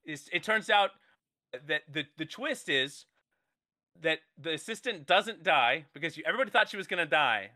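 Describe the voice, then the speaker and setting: A man with a high, bright voice riffs through a made-up movie plot for his co-hosts. He rambles playfully and keeps stopping to restart his sentences, all in a loose improvised comedy pitch. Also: expressive, moderate pace. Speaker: comedy podcast co-host.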